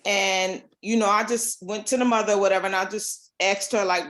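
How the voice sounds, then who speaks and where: A middle-aged woman joins a video call as a guest. She speaks slowly and hesitantly, pausing often on fillers. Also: mid-range voice, fairly even intonation, fairly bright tone. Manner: hesitant, unhurried, many fillers. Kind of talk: casual video call chat.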